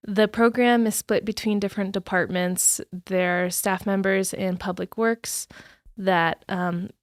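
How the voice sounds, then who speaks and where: A woman's voice: mid-range voice, no echo, clean studio sound. A woman who leads a trails planning team, steadily explaining her work as a podcast guest.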